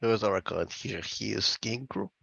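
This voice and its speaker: A man's voice: fairly low pitch, vocal fry, fairly bright tone, slightly rough, no room sound, highs cut off, exaggerated voice. A man putting on a broken-speech vampire host. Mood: mock-menacing. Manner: halting, broken phrasing.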